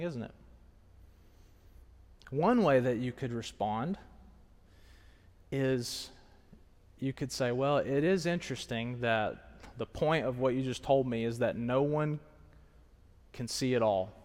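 Animated male preacher in a reverberant hall. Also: medium pitch, measured pace, long pauses. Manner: animated, swings from hushed to shouting, engages the audience. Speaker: pastor. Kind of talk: sermon.

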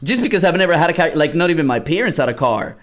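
A man in his thirties, originally from Peru, coaching listeners on network marketing in a solo podcast. His fairly high voice swings widely in pitch as he rambles and throws questions at his audience. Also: racing. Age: 30s. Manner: animated, rambling, laughs and asks listeners questions.

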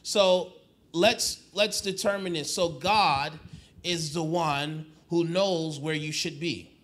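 Preaching slowly in a steady, fairly high voice, a male pastor delivers his sermon. Phrases get repeated and restarted, the congregation is invited to answer back, and his exhortation rises from soft to loud.

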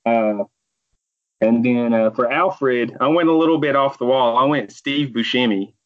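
A man chatting casually on a podcast, relaxed and easygoing with filler words. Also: medium pitch, a little slow, no echo, lo-fi sound. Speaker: podcast co-host. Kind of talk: casual chat.

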